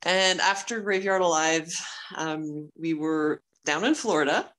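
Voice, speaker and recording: A woman from Quebec, a filmmaker guest, telling stories in a lively casual way and laughing easily. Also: deep voice, a little slow, low-quality recording. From Quebec, Canada. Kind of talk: casual interview storytelling.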